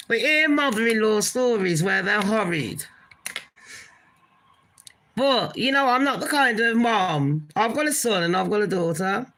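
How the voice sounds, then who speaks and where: This is a woman running a casual gossip commentary channel. Her voice is bright and sharp-edged. She rants bluntly and incredulously, swearing freely. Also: on the high side, a little hiss or hum, poor audio. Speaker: commentary vlogger.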